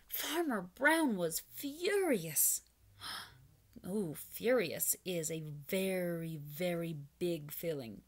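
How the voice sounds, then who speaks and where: A woman reading a picture book aloud to preschoolers, pausing to explain words and invite the children to join in. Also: on the low side, expressive. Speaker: children's storyteller.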